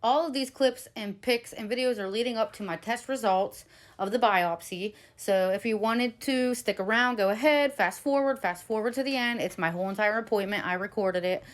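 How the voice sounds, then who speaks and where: A woman's voice: a little high, moderate pace. Chatty woman vlogging candidly. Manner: rambling, candid, lots of fillers. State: out of breath. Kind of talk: casual personal vlog. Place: at work.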